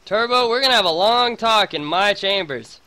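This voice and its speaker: A man's voice: high-pitched, lively intonation, normal speed, bright, forceful tone. A man streaming a role-play game, complaining melodramatically and swearing a lot. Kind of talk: casual role-play chat.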